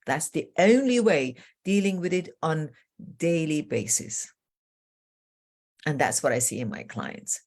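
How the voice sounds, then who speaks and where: A middle-aged woman coach with a low voice tells animated stories and shifts her pitch up and down to act out the people in them. She sounds like a guest in a casual interview. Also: a little slow. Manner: lively storyteller, acts out quotes with jumps in pitch. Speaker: life coach. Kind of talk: animated storytelling in a podcast interview.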